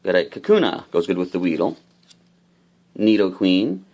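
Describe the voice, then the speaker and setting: A man casually opening trading card packs, explaining each card's rules with bursts of excitement. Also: deep voice, normal speed. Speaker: card unboxing host. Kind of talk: casual unboxing commentary.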